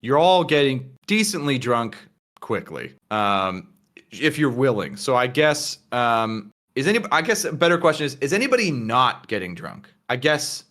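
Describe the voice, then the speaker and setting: A man's voice: medium pitch, sing-song, normal speed, fairly bright tone. A man narrating a tabletop game as game master, casual, with many fillers.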